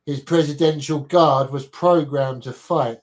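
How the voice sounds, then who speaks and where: A man's voice: on the high side, fairly even intonation, a little slow. A man hosting a casual livestream, reading aloud from a reference book, stumbling and repeating words and breaking off to greet viewers in chat.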